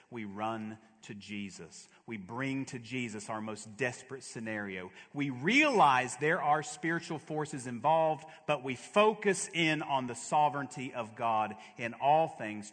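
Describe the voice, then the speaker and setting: A man preaching a sermon as a pastor, with dramatic delivery that swings from loud to hushed. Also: medium pitch. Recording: long reverb of a large hall.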